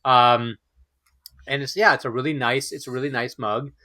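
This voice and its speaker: A man's voice: mid-range voice, steady tone, moderate pace, pushed and bright. A man co-hosting a podcast, chatting casually and rambling with fillers and restarts. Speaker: podcast co-host. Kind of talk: casual chat.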